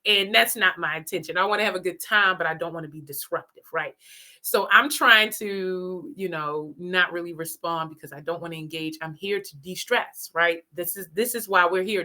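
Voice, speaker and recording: A woman host casually telling a personal story, animated and laughing often as she talks. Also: mid-range voice.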